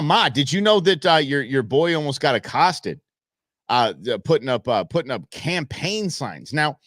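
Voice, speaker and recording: A man's voice: mid-range voice, a bit bright, no echo, clean studio sound. A man in his forties co-hosting a casual talk show, joking and rambling with lots of restarts. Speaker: podcast co-host. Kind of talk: casual banter.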